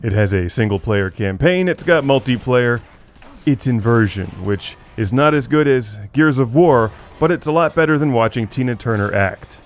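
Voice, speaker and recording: A man's voice: medium pitch, animated, normal speed. A man narrating a scripted video game review as the show's host, in a wry tone with dry joking asides.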